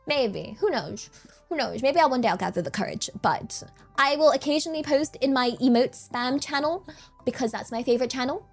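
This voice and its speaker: A woman's voice: sits high, fairly quick, soft background music. A young woman streaming and chatting casually, rambling and giggly, often repeating herself. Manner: giggly, rambling, repeats words, easily excited. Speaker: vtuber streamer.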